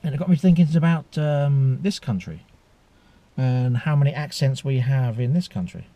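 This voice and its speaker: A man's voice: mid-range voice, normal speed, warm tone. A man from Norfolk, England with an East Anglian accent, chatting casually in a vlog and rambling a little as he mocks himself. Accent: East Anglian English. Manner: rambling, self-mocking, trying out accents. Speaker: vlogger. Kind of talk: casual chat.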